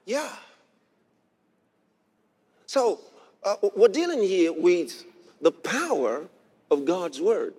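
High-voiced preaching man in a hall. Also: very animated, slow pace, husky. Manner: emphatic preaching, rising to shouts. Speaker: pastor. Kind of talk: sermon. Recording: long hall reverb.

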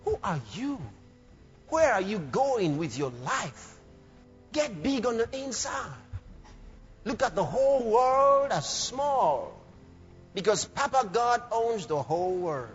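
High-voiced man preaching with shouts. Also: takes it slowly. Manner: animated, preaching with sudden shouts and laughter. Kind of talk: sermon. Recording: dull lo-fi sermon recording with faint music.

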